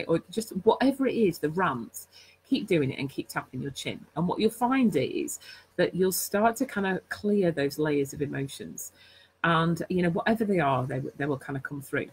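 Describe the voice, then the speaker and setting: A woman's voice: low voice, expressive, normal speed, husky, rough recording. A woman hosting a live stream, chatty and rambling, full of fillers and self-corrections as she teaches. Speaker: host.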